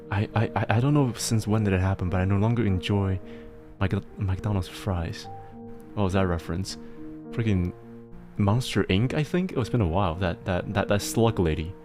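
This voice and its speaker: A young man with a fairly low voice hosts a live stream in loose, casual chat. He rambles between topics, laughs often and curses without restraint. Quiet music plays softly in the background. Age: young adult. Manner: swears freely and laughs often, rambling and chaotic. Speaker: streamer host.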